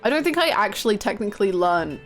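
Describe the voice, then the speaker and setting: A woman chats casually on her live gaming stream, mid-pitched and self-mocking as she answers chat aloud. She talks into a desk microphone, and faint game music plays behind her. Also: very animated, fast.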